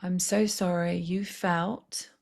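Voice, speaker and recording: A woman, a spiritual healer, softly and slowly coaxing a participant through a guided healing session. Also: fairly low pitch, flat delivery, creaky. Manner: soft, slow, coaxing guidance.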